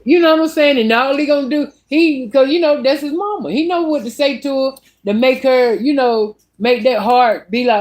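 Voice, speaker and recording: A woman's voice: sits high, a little fast. Blunt, profane woman telling a story. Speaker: vlogger. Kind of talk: casual storytelling monologue.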